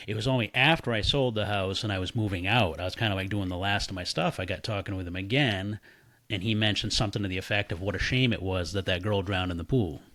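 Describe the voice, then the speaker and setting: A man casually telling a story, animated and swearing freely while he acts out the voices of the people in it. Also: lowish voice, quick pace. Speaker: podcast guest.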